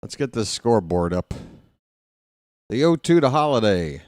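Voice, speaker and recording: An American man giving casual live fan play-by-play of a baseball game, chatty and talking to himself, with excitable bursts. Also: lowish voice, normal speed, no room sound, studio quality. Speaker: play-by-play commentator.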